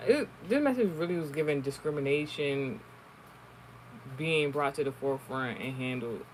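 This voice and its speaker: A man's voice: fairly high pitch, moderate pace, a little hiss or hum, low-quality recording. A man telling a story in casual, rambling talk, swearing often and restarting his sentences, as an online streamer. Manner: rambling, profane, many restarts. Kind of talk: casual storytelling and card reading.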